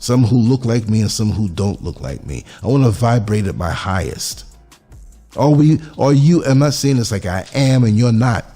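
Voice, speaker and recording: A man's voice: on the low side, expressive, normal speed, dark tone, soft background music. A man from the United States giving a reflective podcast monologue, earnest and musing, putting questions to the listener.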